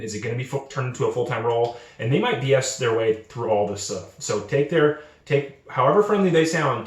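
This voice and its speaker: A man's voice: mid-range voice, roomy sound. A young man giving casual advice to junior developers, earnest, often repeating and restarting his words. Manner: acts out quoted recruiters in lively voices. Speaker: channel host.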